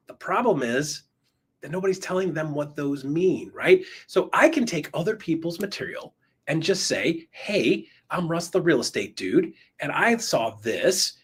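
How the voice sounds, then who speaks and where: A man coaching real estate agents in an enthusiastic, emphatic motivational talk, swinging his pitch up and down. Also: fairly bright tone, husky.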